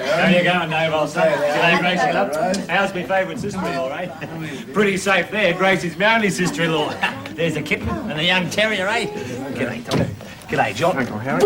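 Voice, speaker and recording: A man's voice: on the high side, lightly acted. An actor with an Australian accent playing a joking middle-aged uncle and wheeler-dealer who laughs through his brash banter. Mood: jovial.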